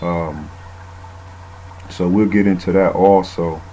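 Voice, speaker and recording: A man's voice: low voice, steady tone, takes it slowly, mellow, a little hiss or hum, poor audio. A man giving a casual, rambling bible teaching, often saying "man" and using fillers.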